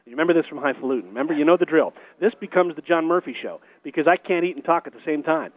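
A man's voice: on the high side, rapid-fire. A man hosting a live radio show from inside a restaurant, chatting eagerly and describing food in effusive detail. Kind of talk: live on-location radio chat. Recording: narrow phone-like radio broadcast.

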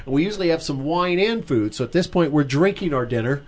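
Folksy male radio wine host from Indiana, slightly high voice, casual and joking. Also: lively intonation, fast, darkish tone.

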